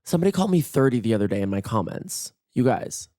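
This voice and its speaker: Hoarse guy late 20s doing his podcast in bed, campy and jokey, dead dry sound. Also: mid-range voice, big pitch swings, fairly quick, darkish tone, no echo. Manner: playful, campy, self-mocking banter. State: hoarse, voice nearly gone. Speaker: podcast host. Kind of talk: casual solo podcast chat. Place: in bed at night.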